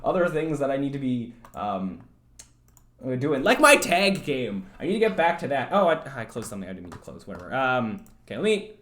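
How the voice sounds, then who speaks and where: A man's voice: medium pitch, sing-song, a little fast, fairly bright tone. A young man from Canada streaming live, chatting casually and rambling with many fillers and stammered restarts. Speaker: livestreamer.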